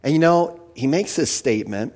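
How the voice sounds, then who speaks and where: Guy preaching a sermon, earnest and emphatic, voice on the higher side, stumbles and repeats words a bit. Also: lively intonation, normal speed, a little mellow. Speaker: pastor. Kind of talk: expository sermon.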